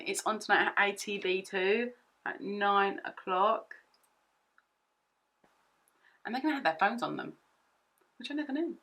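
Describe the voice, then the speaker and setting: A young woman chatting through a makeup tutorial at home, excitable and rambling, often repeating herself. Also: mid-range voice, background noise. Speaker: beauty vlogger.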